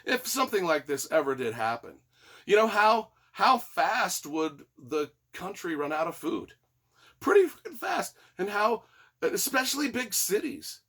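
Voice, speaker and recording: Brash, bright-voiced male book reviewer. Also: sits high, big pitch swings, unhurried. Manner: rambling and profane, with sarcastic asides. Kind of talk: casual spoken book review.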